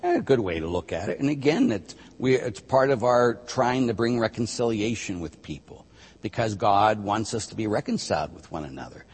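A man, a priest, teaching on a talk show in an emphatic, animated way and acting out what penitents say. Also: fairly low pitch, moderate pace, husky. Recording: long hall reverb.

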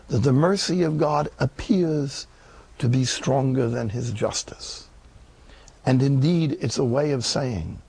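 A man preaching a sermon with an animated, emphatic delivery and wide swings in pitch. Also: vocal fry, slightly rough.

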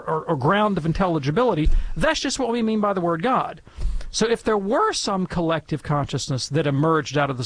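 A man's voice: a little high, dry recording. A man talking as a guest on a call-in radio show, explaining in a chatty, digressive, playful way. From Alabama, US. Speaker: guest theologian answering questions. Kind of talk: conversational radio Q&A.

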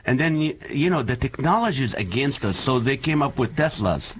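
A middle-aged man whose first language is Arabic, a comedian guest telling animated stories and laughing often in casual interview chat. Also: mid-range voice, fairly quick, slight background noise. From Middle East.

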